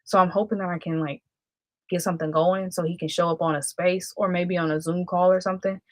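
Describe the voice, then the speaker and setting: A woman on the low side of the pitch range rambles through casual livestream chat, frequently self-correcting mid-sentence. Her tone stays steady, her pace is brisk, and the audio has no echo.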